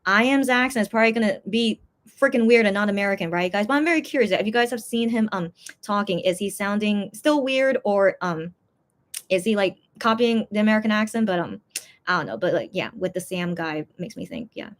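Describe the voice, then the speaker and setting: A woman fan vlogger hosting her own channel chats casually and in a rambling way to her viewers. Her medium-pitched voice is expressive and fairly quick, full of fillers and restarts.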